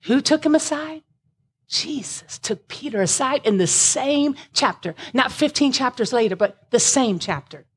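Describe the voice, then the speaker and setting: Husky impassioned woman preacher. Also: high-pitched, lively intonation, unhurried. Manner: impassioned, rising to shouts and breaking voice. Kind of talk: sermon.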